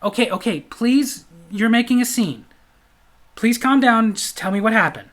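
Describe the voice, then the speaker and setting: A man voicing a weary female restaurant manager who hesitantly tries to calm an angry customer, repeating "sir". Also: very high voice, moderate pace. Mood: placating.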